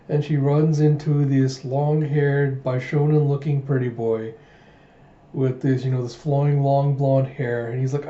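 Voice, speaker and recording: Unhurried and warm, this channel host's mid-range voice barely moves in pitch as he casually reads a manga aloud, recounting scenes and performing the dialogue. An echoey room and a muffled lo-fi mic shape the sound.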